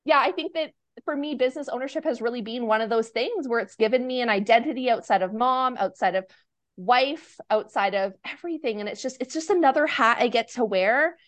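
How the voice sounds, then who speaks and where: A woman chatting as a podcast guest, animated and quick to act out the things people said. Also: on the high side, no echo. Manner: animated, acts out quoted dialogue. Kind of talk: casual podcast conversation.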